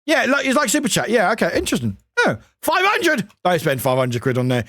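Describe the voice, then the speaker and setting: British male streamer, high animated voice, casual and sweary. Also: fast, no echo, studio quality. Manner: chatty, swears a lot, laughs often. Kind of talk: casual live-stream chat.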